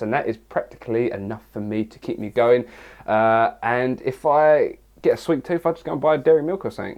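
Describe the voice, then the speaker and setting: A young man from England, a fitness vlogger, answers viewer questions in a casual vlog, rambling, crude and full of jokes. His voice is mid-range with a somewhat dark tone.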